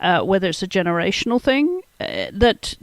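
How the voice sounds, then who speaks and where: A man's voice: high-pitched, wildly swooping pitch, normal speed, dry recording. A man hosting a podcast interview, asking long, rambling questions with restarts in a conversational way. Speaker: podcast host.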